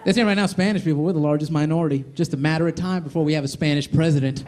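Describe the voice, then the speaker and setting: A young man performing a stand-up comedy set on a club stage, talking quickly and jumping in and out of put-on voices. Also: on the high side, steady tone, a little mellow. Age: young adult. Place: comedy club stage before a laughing crowd. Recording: live club crowd laughter behind.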